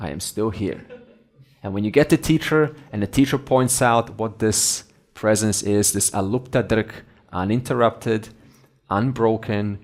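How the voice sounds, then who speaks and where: A man teaching a spiritual talk in a conversational way, slowing down to repeat key words and acting out inner dialogue in a quiet voice. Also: lowish voice. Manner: repeats words slowly for emphasis.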